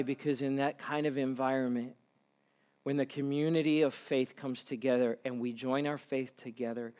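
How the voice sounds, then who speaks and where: A male pastor preaching a sermon, telling a story and rising to loud, fervent passages. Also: mid-range voice. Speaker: pastor and camp director.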